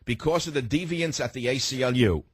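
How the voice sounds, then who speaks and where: A combative man hosts talk radio, hammering his points home with emphatic force. His voice sits at an ordinary pitch, and the studio sound is dry and close with no room echo. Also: fairly quick, breathy edge. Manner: combative and emphatic, cuts off callers.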